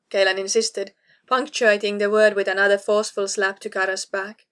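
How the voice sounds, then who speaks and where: A woman's voice: medium pitch, fairly even intonation, normal speed, fairly bright tone, clear, resonant tone. A woman narrating a fantasy novel aloud, reading a tense scene with dramatic weight. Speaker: audiobook narrator.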